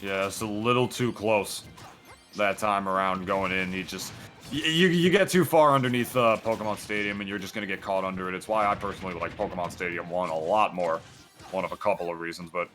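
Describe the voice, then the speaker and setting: A man commentating a fighting-game match in a casual, excitable, joking way, full of "like". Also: deep voice, fairly quick, faint music behind. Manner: excitable, joking, chatty with filler "like". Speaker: esports commentator.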